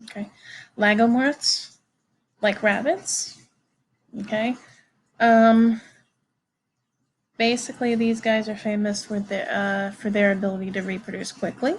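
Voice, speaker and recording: A woman giving a recorded biology lecture to students, halting and informal, with many fillers and restarts. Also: medium pitch, level tone, a little hiss or hum, poor audio. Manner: informal, addresses students directly.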